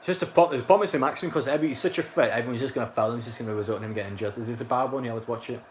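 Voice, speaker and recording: This young North East English lad talks at a racing pace in a mid-range voice, with a little hiss or hum on the recording. He's casually calling a football match live, rambling, leaning on fillers and responding to chat.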